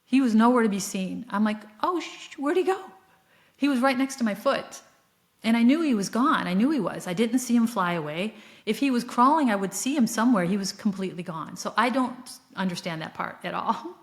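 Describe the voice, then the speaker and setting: A woman talking alone on her podcast, her voice sitting at an ordinary middle pitch. She tells a personal spiritual story in an earnest, reflective way, often pausing on fillers and breaking into soft laughs. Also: animated. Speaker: podcast host.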